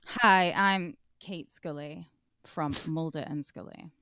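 Bright, low-pitched female co-host bantering. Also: dry recording, studio quality. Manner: teasing, quick-witted banter. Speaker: podcast co-host. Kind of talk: casual comedic chat.

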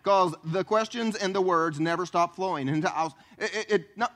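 A man preaching a sermon as pastor, animated, acting out voices and questions. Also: high-pitched, moderate pace, few pauses. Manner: animated, acts out voices and questions, southern "y'all".

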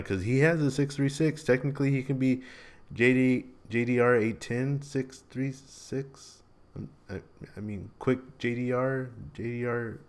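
A man hosting a casual podcast, talking in a rambling, laid-back way and tacking "man" and "bro" onto his lines. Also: lowish voice. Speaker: podcast host.

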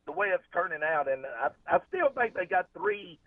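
A man's voice: high-pitched, lively intonation, normal speed, no room sound. A man calling in to a radio show, talking in a rambling, folksy way. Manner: rambling, folksy, restarts often. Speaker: caller. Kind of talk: casual call-in chat. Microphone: phone. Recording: tinny phone line.

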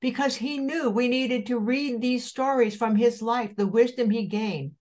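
A woman's voice: a little high, measured pace, a little mellow. An older woman hosting a podcast over a video call, gushing and preachy in an enthusiastic interview chat. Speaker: podcast host.

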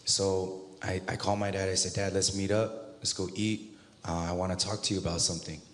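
Man, very deep voice, from Southern California, casual testimony, acts out quotes, long reverb. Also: flat delivery, fairly quick. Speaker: interview guest. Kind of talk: personal testimony in a church interview. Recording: long reverb, faint noise.

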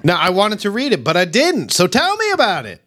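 A woman's voice: medium pitch, huge pitch swings, fairly quick, fairly bright tone. A woman co-hosting a podcast in casual chat, curious and asking questions. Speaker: podcast co-host.

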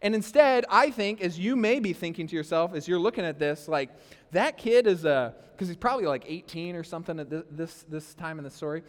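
A man preaching a sermon as pastor, animated and conversational, talking straight to the congregation. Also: fairly high pitch, quick pace, hardly any pauses, in a large hall. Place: church hall.

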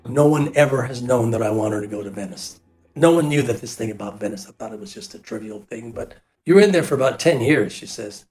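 A man's voice: mid-range voice, a little fast, faint music behind. Older man telling a story. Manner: animated, jumps into quoted voices, loose run-on phrasing. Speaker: hairdresser telling a personal story. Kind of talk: casual storytelling.

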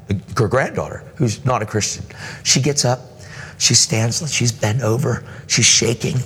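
A man preaching in a church, telling a story with lively acted-out voices and casual words like dude and man. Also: mid-range voice, moderate pace, breathy edge. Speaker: guest preacher. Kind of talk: sermon storytelling. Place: church hall. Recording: reverberant church hall with music.

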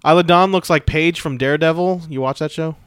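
A man's voice: on the high side, brisk, clean tone, no echo. Easygoing man recapping matches. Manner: relaxed, recaps match moves, dry asides. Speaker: podcast host. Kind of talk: casual recap chat.

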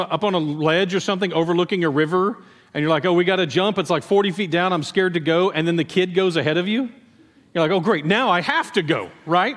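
Pastor, male, fairly high voice; conversational, animated sermon delivery; long church reverb. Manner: conversational, animated storytelling with acted asides. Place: church sanctuary.

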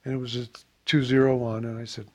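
A man's voice: mid-range voice, quick pace. An older man from Iowa, a jazz saxophonist, casually telling anecdotes and acting out the voices of the people in them. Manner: animated storyteller, acts out quoted voices, laughs often.

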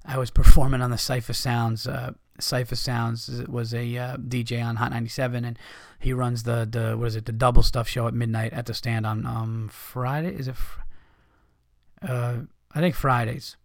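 Male comedian host, heated profane monologue, mid-pitched voice, dry close sound. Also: flat delivery, moderate pace, gravelly, dry recording. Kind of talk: casual podcast monologue.

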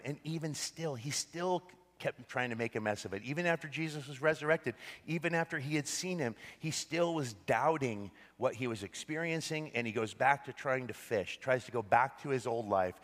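A male pastor preaching a sermon, swinging between excited bursts and hushed, tender passages. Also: mid-range voice, in a large hall.

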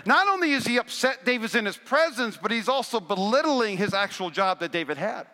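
A high, bright male preacher delivers a sermon in a big church hall, his voice ringing with a long reverb. He swings between quiet, measured lines and surging passages, drawing responses from the congregation. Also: very animated. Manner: preaching with rising bursts of intensity and call-and-response to the congregation. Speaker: pastor. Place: large church sanctuary.

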